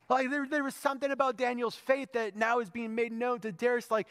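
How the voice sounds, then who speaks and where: A man's voice: very high voice, moderate pace, fairly bright tone, clean tone. A male pastor preaching a sermon in a church, telling the story in a conversational way and building to emphatic peaks. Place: church sanctuary. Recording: long reverb in a church hall.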